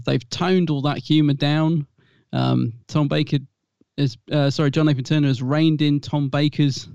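Male co-host, gravelly, jokey chat, dry lo-fi recording. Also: fairly high pitch, dry recording. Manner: animated, jokey. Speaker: podcast co-host. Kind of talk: casual podcast chat. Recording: slightly dull lo-fi mic.

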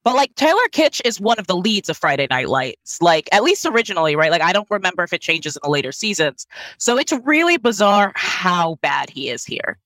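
A woman co-hosting a casual podcast, reviewing a movie in animated, laughing talk with many fillers. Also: lowish voice, a little fast, dry recording, poor audio. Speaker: podcast co-host.

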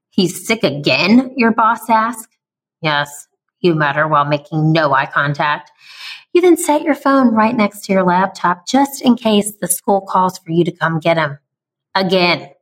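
A woman's voice: medium pitch, a bit bright. Bubbly nasal-twanged woman podcast host. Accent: Southern and Midwestern American. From American South and Midwest. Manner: bubbly, upbeat, playful.

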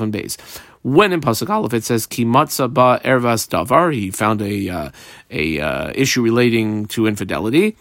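A man's voice: medium pitch, fairly bright tone, no room sound, studio quality. A man teaching a Talmud class. He reads the text aloud and translates it line by line, frequent "uh" fillers.

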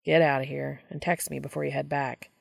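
A woman doing a gruff teasing young man. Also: low voice, little pitch movement, brisk, no room sound, full character voice. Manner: teasing, dry sarcasm.

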